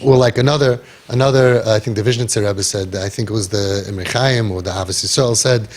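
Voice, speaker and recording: A man guiding parents in an impassioned talk, forceful and sarcastic, peppering his speech with Hebrew and Yiddish terms. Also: fairly low pitch, quick pace, few pauses. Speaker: parenting guide.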